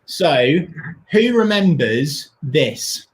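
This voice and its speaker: A man co-hosting a long charity livestream, talking in an excitable, gushing way and thanking donors warmly, worn out from the long hours. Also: a little high, drawn-out words, rough recording. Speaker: livestream co-host. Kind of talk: casual livestream chat.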